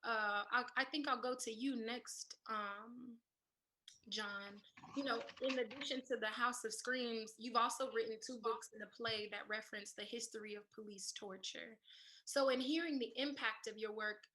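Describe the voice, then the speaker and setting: Woman, panel moderator, gentle, hesitant, bright voice, slightly high. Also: fairly even intonation, moderate pace. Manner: gentle, thoughtful, many "um"s.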